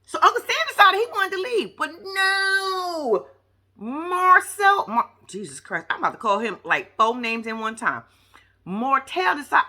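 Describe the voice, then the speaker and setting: A woman's voice: sits high, measured pace. A woman giving sassy, slangy casual commentary on a reality show, talking straight to the viewer. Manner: animated, sassy, slangy, talks to the screen. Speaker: vlogger reviewing a reality show.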